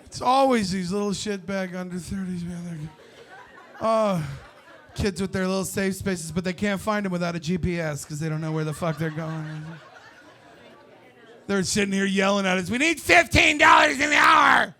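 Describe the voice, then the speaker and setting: A man doing a stand-up comedy set on stage, ranting and profane, with shouted punchlines. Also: high-pitched, fairly even intonation, normal speed, a faint crowd. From United States.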